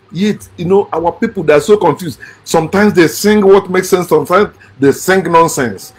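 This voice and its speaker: A man delivering a blunt, lecturing monologue. He repeats his points and swings between shouting and quiet talk. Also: a little high, breathy edge. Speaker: channel host.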